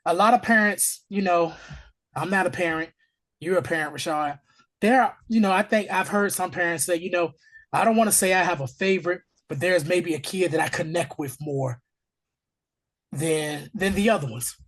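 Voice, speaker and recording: A hoarse, husky-voiced man talks through a TV episode with a co-host. He is casual and animated and jumps into quick voices for the characters. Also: high-pitched. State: hoarse from allergies. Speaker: podcast host. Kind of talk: casual TV episode recap chat.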